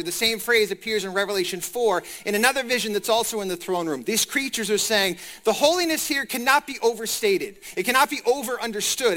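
A man preaching a sermon, animated and speaking straight to the congregation. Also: sits high. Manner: animated, talks to the congregation directly.

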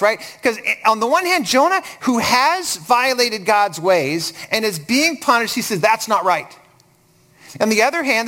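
A male preacher giving a sermon, retelling a Bible story in an animated, explanatory way. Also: high voice.

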